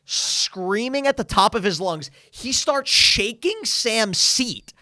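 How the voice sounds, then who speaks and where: Young dude telling a trip story on his podcast, super animated, acts out people, bright tone. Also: sits high, takes it slowly, no room sound, studio quality. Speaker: podcast co-host. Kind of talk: casual podcast chat.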